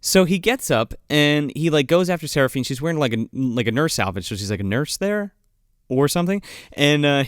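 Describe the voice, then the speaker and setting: Podcast co-host, male, loose rambling recap style with a lively, swinging pitch and a dry, close sound. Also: fairly quick, clear, resonant tone, no echo. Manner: rambling, heavy use of "like", swearing. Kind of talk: casual comedic movie recap.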